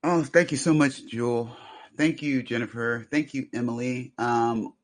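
A man hosting a podcast, passing the mic around in a loose, halting way with many fillers. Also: medium pitch, fairly even intonation. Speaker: podcast host. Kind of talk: casual moderating.

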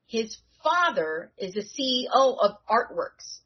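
A woman hosting a casual podcast recap, talking in an animated, slangy way with frequent restarts. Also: a little high, measured pace, muffled recording. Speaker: podcast host recapping a TV episode.

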